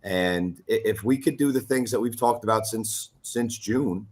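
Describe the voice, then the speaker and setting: A man, a high school football coach, giving measured, plain-spoken interview answers. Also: a little mellow.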